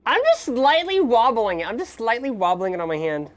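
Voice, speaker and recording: A woman's voice: a little high, sing-song, a little fast, soft background music. Playful woman streamer, wildly swooping voice. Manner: playful, dramatic swings between whispers and loud outbursts. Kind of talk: casual chat answering chat questions.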